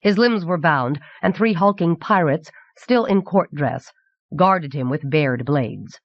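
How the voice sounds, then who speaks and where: A woman reading a novel aloud as audiobook narrator in a measured, clear voice from an old cassette recording. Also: sits low, animated, no room sound. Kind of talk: scripted narration. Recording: dull 1990s cassette audiobook.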